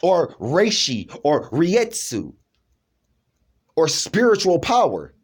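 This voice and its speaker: A man delivers a rambling personal monologue, emphatic and frequently restarting, checking in with his listener by repeatedly asking "you know what I'm saying." His voice is a little high, slow, and husky, with huge pitch swings.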